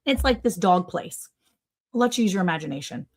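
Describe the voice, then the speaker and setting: A middle-aged woman from Maryland hosting a livestream, telling a long, animated story and acting out other people's voices. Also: on the low side, moderate pace. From Maryland, USA. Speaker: livestream host. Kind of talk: casual storytelling chat.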